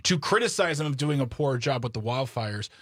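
A man's voice: medium pitch, expressive, fairly quick, no echo, studio quality. A man from Wisconsin co-hosting a political talk show, opinionated and sarcastic, with exasperated outbursts.

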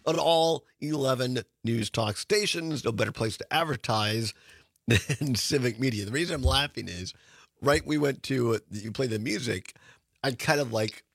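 A male radio talk show host with a lively, bouncing delivery, laughing easily between lines. His voice is bright and a little husky, recorded dry and close in a studio. He chats casually. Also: mid-range voice, moderate pace, no echo. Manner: laughs often, chatty and animated. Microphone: studio microphone.

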